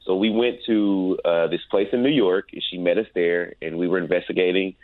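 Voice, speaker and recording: A man's voice: low-pitched, fairly even intonation, fairly quick, dry recording. A man guesting on an interview as a paranormal investigator, telling a story in a laid-back, casual way and often saying "man.". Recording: tinny phone-like line.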